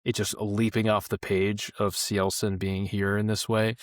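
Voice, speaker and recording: Man, book podcast host, excited, rambling, lowish voice, dry close sound. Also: moderate pace, no echo. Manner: enthusiastic, filler-heavy. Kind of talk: casual book discussion.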